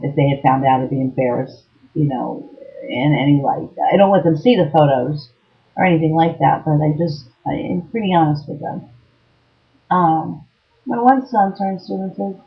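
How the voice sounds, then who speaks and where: A middle-aged woman telling a personal story about an abusive ex-partner, talking earnestly with frequent ums and restarts. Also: low voice. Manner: earnest and emotionally raw. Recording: dull lo-fi home recording.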